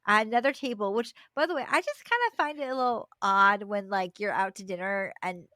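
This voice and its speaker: A woman's voice: medium pitch, lively intonation, fairly quick, bright, forceful tone, no echo, clean studio sound. A young adult woman co-hosting a podcast, chatting casually and animatedly, laughing and acting out quoted voices. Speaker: podcast co-host. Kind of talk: casual chat.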